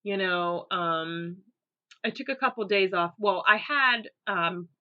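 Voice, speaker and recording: A woman's voice: mid-range voice, slow pace, narrow, tinny audio. A young woman hosting her own podcast, talking casually and upbeat with frequent fillers and easy laughter. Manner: chatty and upbeat, laughs easily, many fillers. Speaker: podcast host. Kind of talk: casual solo podcast monologue.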